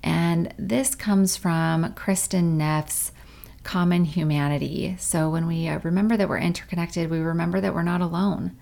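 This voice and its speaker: A woman, around her thirties, gently guiding a meditation practice in a calm, unhurried way, at times drawing on her own life as a parent. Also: on the low side, creaky. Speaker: meditation guide. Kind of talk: guided meditation.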